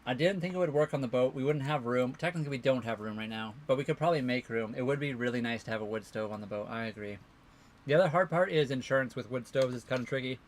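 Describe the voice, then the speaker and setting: A man's voice: medium pitch, fast talker, slight background noise. A man co-hosting a casual livestream, rambling through answers to viewer questions. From Canada. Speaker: livestream co-host.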